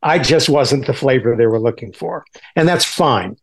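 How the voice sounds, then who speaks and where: A man being interviewed as a guest actor, talking in a halting way with many restarts and fillers. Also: mid-range voice, expressive, slightly rough. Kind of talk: casual interview chat.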